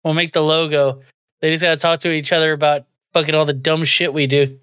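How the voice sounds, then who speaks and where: A man co-hosts a podcast in relaxed, crude banter. He swears constantly and breaks into laughter at his own jokes. The sound is close and dry with no room around it. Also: on the high side, a little fast, clean tone, dry recording. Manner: profane, joking, laughs often. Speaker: podcast co-host.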